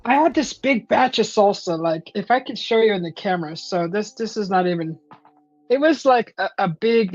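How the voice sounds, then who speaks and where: A woman hosting a live stream, chatting casually and animatedly, acting out the voices in her stories. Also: medium pitch. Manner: animated, acts out quoted voices. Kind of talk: casual storytelling chat. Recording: slightly dull stream audio with faint music.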